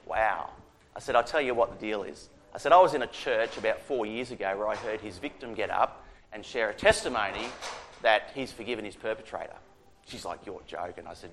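Speaking on the low side, a middle-aged Australian prison chaplain recounts his own faith story in a relaxed, chatty way, voicing the quoted dialogue with animation. A little hiss or hum runs under the recording.

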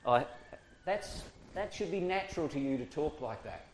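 A preacher training children's ministry workers gives them a humorous teaching talk, often chuckling and acting out the voices he quotes. His voice is on the high side, animated, at a moderate pace.

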